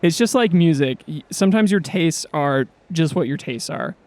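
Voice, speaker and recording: A man's voice: fairly high pitch, animated, normal speed, darkish tone, dry recording. A man co-hosting a podcast in casual, partly scripted banter, irreverent and joking, with the odd swear word. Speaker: podcast co-host.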